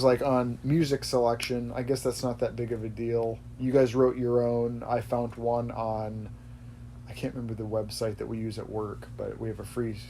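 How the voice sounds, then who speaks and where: There's slight background noise as a man with a warm, mid-range voice hosts a podcast. He chats casually in a rambling manner, keeps correcting himself, and laughs easily.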